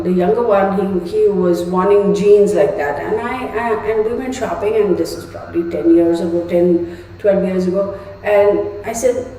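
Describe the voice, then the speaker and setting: A middle-aged woman with a dark, mid-range voice hosts a tarot live stream, chatting casually and laughing often as she rants her way through a story. She sounds far from the mic in an echoey room.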